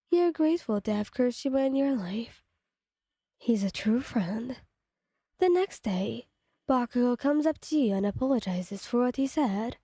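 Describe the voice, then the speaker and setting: A woman narrating a second-person fan story in a plain, steady read-aloud manner. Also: on the high side, no echo, studio quality.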